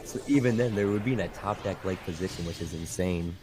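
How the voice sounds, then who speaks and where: A man casting a live card game match in a relaxed, casual way with short, agreeable remarks. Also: low voice, fast, over music. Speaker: esports caster.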